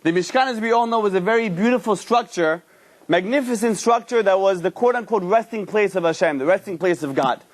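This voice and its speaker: A man, a rabbi, giving a Torah class and telling a story, acting out the characters with lively energy. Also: high-pitched, a little fast.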